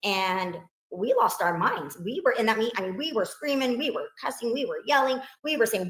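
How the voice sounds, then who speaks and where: A woman's voice: on the high side, animated, normal speed, few pauses, a bit bright. Grieving mother, earnest and upset, echoey interview audio. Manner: earnest, upset, retelling in detail. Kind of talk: emotional interview recounting events. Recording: roomy played-back interview clip.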